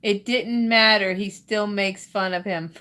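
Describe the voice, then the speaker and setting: A woman's voice: mid-range voice, steady tone, unhurried, bright, forceful tone. A woman with a Southern US accent reading roast jokes aloud as host, giggling between them and stumbling over her lines.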